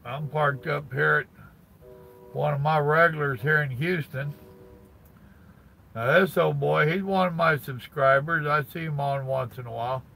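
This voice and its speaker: A man's voice: on the high side, unhurried, creaky, sharp tone, a little hiss or hum, poor audio. An older man, chatting casually on a live stream from his parked truck cab and greeting viewers by name in a folksy drawl.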